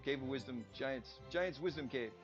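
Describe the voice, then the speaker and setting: A man's voice: medium pitch, moderate pace. A man, casually chatting on a live game stream, rambling, talking to himself and his viewers. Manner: rambling, talks to himself and chat. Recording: dull lo-fi stream audio with music.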